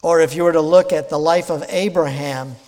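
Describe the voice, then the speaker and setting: A man's voice: fairly high pitch, steady tone, brisk, darkish tone, in a large hall. A man preaching an earnest sermon as pastor, building to emphatic quoted passages and often restarting his phrases.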